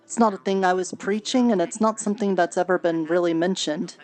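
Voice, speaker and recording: A woman's voice: lowish voice, fairly even intonation, a little fast, a little mellow, faint music behind. A woman speaking in character during an online roleplay, with a quirk of adding extra plurals to words. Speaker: roleplay player.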